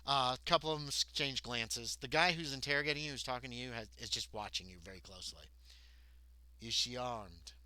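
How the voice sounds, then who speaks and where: A male game master narrates a tabletop role-playing session, rambling along and correcting himself as he goes. His voice is very bright and crisp at a middle pitch, and the sound is close and dry. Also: fast talker, hardly any pauses, dry recording. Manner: rambling narration with many ums and self-corrections.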